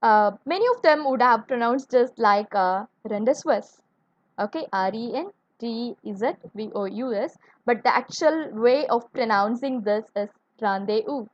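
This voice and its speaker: A woman's voice: a little high, moderate pace, few pauses, no echo, dull audio. Patient woman teaching English online. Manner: patient, spells words letter by letter, checks in with viewers. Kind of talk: live online grammar lesson.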